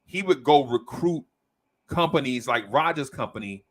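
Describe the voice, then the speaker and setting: A man hosting a casual podcast, telling a story in a slangy, animated way and checking in with "right?" as he goes. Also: medium pitch, moderate pace. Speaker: podcast host.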